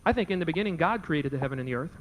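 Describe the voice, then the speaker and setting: A man's voice: a little high, animated, rapid-fire, rough recording. A man debating before a live audience, telling a folksy story and acting out both sides of a conversation. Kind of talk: anecdote told to a live audience.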